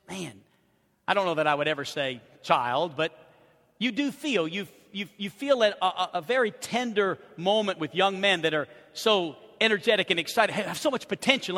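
High bright-voiced man preaching, echoing hall. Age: middle-aged. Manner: swings from soft confiding asides to loud shouted peaks. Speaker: pastor. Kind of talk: sermon. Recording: reverberant hall.

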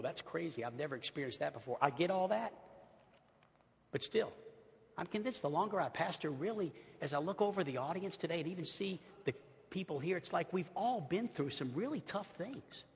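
Dramatic high-voiced preacher in a hall. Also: male voice, lively intonation, a little fast, gravelly. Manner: dramatic, swings from loud exclamations to hushed near-whispers. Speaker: pastor. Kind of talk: sermon.

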